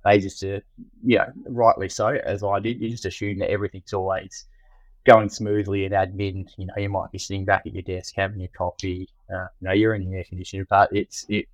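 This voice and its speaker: A deep-voiced Australian man talks loosely about running a trade team and keeps restarting his sentences around fillers. His voice sits low and sounds dry and close, with no room around it. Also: level tone, fairly quick, dry recording, poor audio. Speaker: general manager of a trade business. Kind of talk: casual podcast chat.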